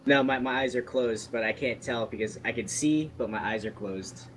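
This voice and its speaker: A man chats casually as a player in a tabletop game. His voice is mid-pitched. He hesitates and repeats himself as he works things out, with a faint hiss behind him. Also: normal speed, fairly bright tone.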